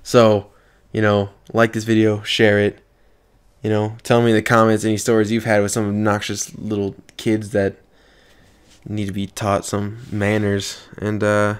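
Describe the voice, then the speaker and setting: A man's voice: on the low side, monotone, measured pace, clean tone. A young man telling a story from an online game in a casual, profane vlog. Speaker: gaming video creator.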